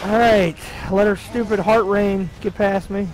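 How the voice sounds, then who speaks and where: A man giving profane, frustrated gaming commentary, swearing heavily and yelling at the game. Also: sits high, fairly even intonation, a little slow, low-quality recording. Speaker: let's play gamer. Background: game music.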